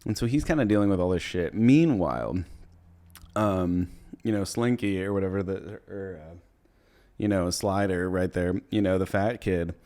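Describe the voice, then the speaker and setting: Young man, comedy podcast host, lowish voice, rambling, profane, laughing, casual movie recap. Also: warm tone. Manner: rambling, profane, laughs while retelling scenes and puts on brief character voices.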